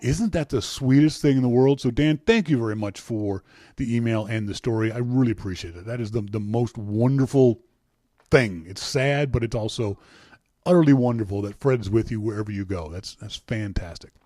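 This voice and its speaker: A man's voice: medium pitch, moderate pace, mellow, no room sound, studio quality. A middle-aged man hosting a casual podcast, reading listener emails aloud with a chatty, teasing manner and frequent laughs. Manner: chatty and teasing, laughs often, many restarts. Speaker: podcast host.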